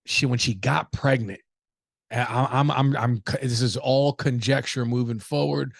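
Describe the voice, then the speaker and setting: A man's voice: mid-range voice, fairly even intonation, unhurried, creaky, no room sound, studio quality. A young adult man from the United States hosting a podcast, riffing casually with profanity, jokes and rhetorical questions. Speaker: podcast host.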